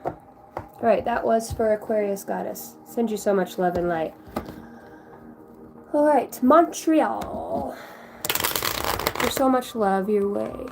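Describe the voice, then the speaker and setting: A woman's voice: mid-range voice, moderate pace, creaky, background noise. A woman giving a casual livestream card reading, chatty and effusive, swearing freely as she talks to her viewers. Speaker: tarot reader.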